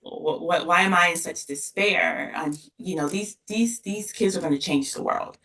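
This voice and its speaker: Middle-aged woman, university dean, interview guest; earnest and emotional, gravelly voice, recorded off-mic. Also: on the low side, pushed and bright. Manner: earnest, emotional, many pauses and restarts. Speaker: associate dean of students, podcast guest. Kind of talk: casual interview conversation. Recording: distant mic.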